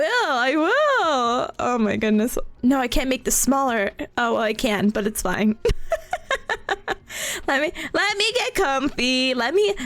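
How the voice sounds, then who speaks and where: A young woman chatting on a live stream with a high, very lively voice that swoops up and down. She giggles often as she talks, and faint music plays behind her. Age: young adult. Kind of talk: casual live-stream chat.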